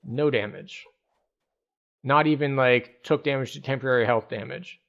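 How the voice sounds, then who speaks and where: A man streaming a video game, giving relaxed, casual commentary and thinking aloud as he plays. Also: medium pitch, normal speed, vocal fry, highs cut off.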